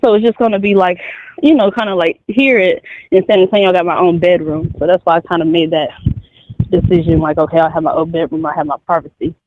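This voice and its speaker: High-voiced young man on a tinny phone line. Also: fairly even intonation. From North Carolina, US. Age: 20s. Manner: halting, hesitant, many fillers and restarts. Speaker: caller. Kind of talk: advice call-in conversation.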